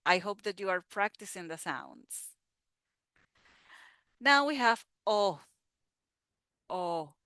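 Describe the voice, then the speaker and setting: Slow, bright-voiced woman teaching pronunciation. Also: mid-range voice, expressive, clear, resonant tone, no echo. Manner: patient, repeats words slowly. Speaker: Spanish teacher.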